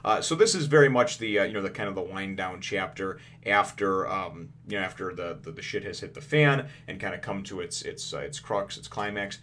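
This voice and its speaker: Lowish guy chatting away, lots of uh and um, faint hiss behind. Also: expressive, fairly quick, few pauses, fairly bright tone. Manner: rambling, many fillers and restarts, laughs often. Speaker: host. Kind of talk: casual comic review.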